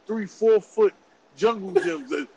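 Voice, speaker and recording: A man around forty, telling a story in animated, profane, laughing casual podcast chat. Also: sits high, measured pace, creaky, highs cut off, a little hiss or hum. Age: about 40. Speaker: podcast host.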